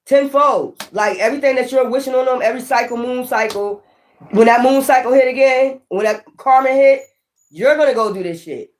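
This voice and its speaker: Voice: high voice, normal speed. A tarot reader doing a casual spiritual reading, talking straight to viewers in a blunt, emphatic, profane and preachy way. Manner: preachy, addresses viewers directly.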